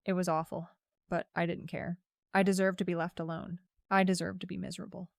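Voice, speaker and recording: Woman storyteller, casual and self-justifying first-person narration, lowish pitch. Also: level tone, fairly quick, creaky, dry recording, studio quality.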